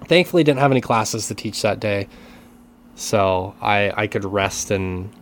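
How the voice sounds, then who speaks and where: A man's voice: fairly low pitch, unhurried, a little hiss or hum. A man co-hosting a casual podcast, talking with many restarts and careful hedging. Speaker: podcast co-host and teacher.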